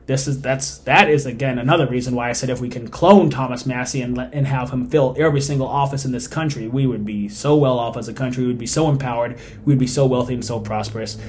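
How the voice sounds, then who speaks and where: A man hosting a solo podcast, giving emphatic, opinionated commentary that swings between loud stressed points and quiet asides. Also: medium pitch, quick pace, few pauses, slight background noise. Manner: suppressing laughter while reading. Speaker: podcast host.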